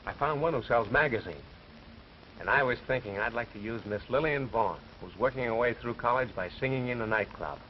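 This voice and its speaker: An actor playing a newspaper reporter in 1930s film acting, with breezy, wisecracking banter. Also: male voice, medium pitch, brisk, a little hiss or hum, natural voice. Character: wisecracking young male college reporter. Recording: dull, lo-fi old film soundtrack.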